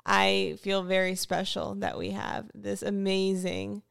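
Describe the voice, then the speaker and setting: Chatty young woman with a gravelly edge. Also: medium pitch, little pitch movement, slow pace, fairly bright tone. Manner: chatty, eager, repeats "like". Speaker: podcast co-host. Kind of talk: casual chat.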